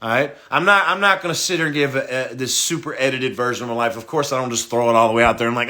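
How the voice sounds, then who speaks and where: A man hosting a livestream, talking bluntly and profanely in a confessional rant that swings into loud, excited, laughing bursts. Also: medium pitch, fast. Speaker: livestream host.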